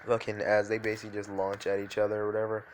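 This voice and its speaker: Male narrator, lowish voice, loose off-the-cuff storytelling full of fillers. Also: monotone, rapid-fire, slight background noise. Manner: rambling, filler-heavy, frequent restarts. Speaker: fan fiction storyteller.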